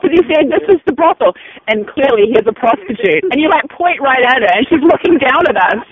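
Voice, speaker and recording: An Australian woman, a podcast guest, telling a story in a lively, chatty way. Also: high-pitched, brisk. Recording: dull lo-fi sound.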